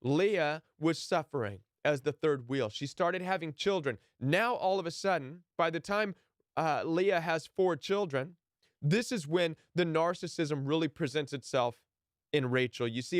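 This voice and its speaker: A man's voice: a little high, moderate pace, no room sound, studio quality. A man teaching a Bible passage in a sermon style, earnest and emphatic, briefly acting out the people he quotes.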